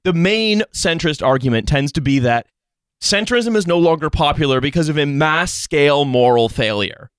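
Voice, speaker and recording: A man's voice: fairly high pitch, expressive, moderate pace, clear, resonant tone, no room sound. Sarcastic man reading book quotes. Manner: sarcastic, reads quotes aloud with mocking asides. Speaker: podcast co-host reading from a book. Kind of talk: casual comedic podcast chat.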